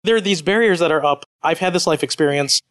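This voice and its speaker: A man speaking as a panelist in a casual live discussion, animated with quick asides. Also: fairly high pitch, dry recording. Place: live event with audience.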